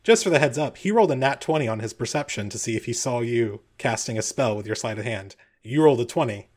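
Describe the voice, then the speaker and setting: A man's voice: medium pitch, lively intonation, fast talker. A man narrating a tabletop game as game master, loose and rambling, with many fillers.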